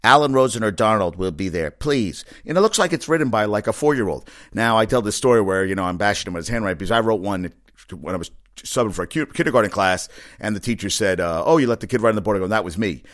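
Middle-aged male sports podcast host, somewhat low voice, rambling profane rants. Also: very fast. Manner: rambling, profane, riled-up ranting. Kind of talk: casual sports talk monologue.

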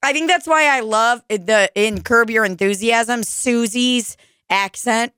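A young woman hosts a casual podcast with a fairly high voice, swearing freely and rambling from one story to the next. Her voice sounds dry and close, with no room around it. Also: a little slow, a bit bright, smooth, no echo. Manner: profane, laughing, rambling storyteller. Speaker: podcast host.

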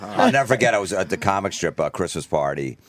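A man's voice: low voice, fast, over a noisy crowd. A man telling funny stories among comedians, mimicking the people in them. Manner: lively storytelling, mimics others in raised voices. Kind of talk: casual storytelling among comics. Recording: loud group laughter in the room.

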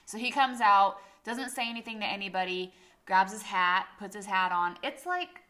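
Woman podcast co-host; casual storyteller, profane, gets loud when quoting people. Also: medium pitch, moderate pace. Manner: animated, swearing often, acts out quotes loudly.

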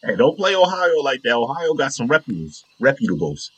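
A man telling profane, animated stories in a casual chat. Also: medium pitch, fairly quick, breathy edge, lo-fi sound.

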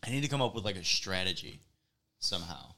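A man with a bright, lively edge to his voice reads a news item aloud in a casual comedy chat. His pitch sits a little low, and he slips into giggles easily. He talks at a desk mic but keeps leaning away from it. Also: quick pace, gravelly, slight background noise. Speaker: co-host. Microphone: desk mic, drifts away from it.

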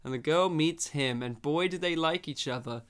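A man's voice: a little high, moderate pace, fairly bright tone, clear, resonant tone. A man hosting a casual film discussion, rambling and playful and teasing his co-hosts.

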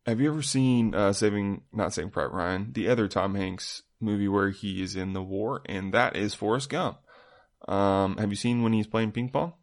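A young man co-hosting a podcast, teasing and telling deadpan jokes in casual chat. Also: on the low side, normal speed. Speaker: podcast co-host.

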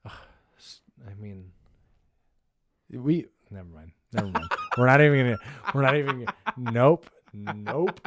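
A man's voice: medium pitch, lively intonation, a little slow, pauses often. A man co-hosting a podcast, bragging and joking in a brash, profane, swaggering way. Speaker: podcast co-host. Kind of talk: casual podcast banter. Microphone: headphones on a podcast mic.

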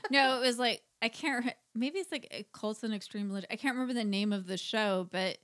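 A woman's voice: fairly high pitch, quick pace, fairly bright tone. Chatty woman podcast co-host. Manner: chatty, rambling, swears casually. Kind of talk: casual chat.

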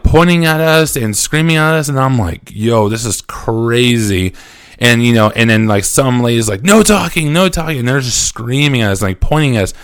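A man recounting a personal story in a lively way, often acting out what people said to him. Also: mid-range voice, dry recording, studio quality. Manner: animated storytelling, acting out quotes; frequent fillers and restarts. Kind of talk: personal anecdote.

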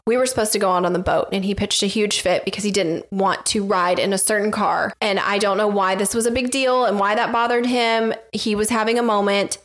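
A woman on a podcast, telling a candid, self-assured story in casual chat. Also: mid-range voice.

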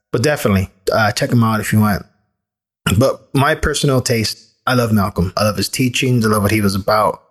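A man in his thirties talks straight into the mic in a loose, candid monologue. He rambles a little and restarts his sentences, speaking at an everyday middle pitch as a podcast host. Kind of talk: casual personal monologue.

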